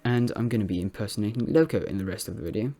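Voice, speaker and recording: A man's voice: lowish voice, racing, dark tone. A man introducing his own game video casually, rambling with fillers and restarts. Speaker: amateur game caster.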